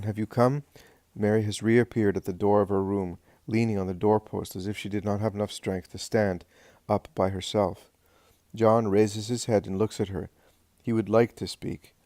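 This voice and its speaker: A man reading a devotional text aloud as narrator, measured and solemn. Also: on the low side, darkish tone, no echo, clean studio sound.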